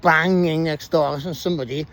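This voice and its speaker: A man telling his own story in a casual, animated way, swearing freely and using slang. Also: on the high side, normal speed.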